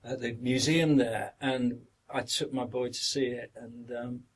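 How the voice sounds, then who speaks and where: A man's voice: medium pitch, little pitch movement, a little slow, husky. A middle-aged man with a Yorkshire accent, a guest actor reminiscing through long anecdotes in a casual podcast interview.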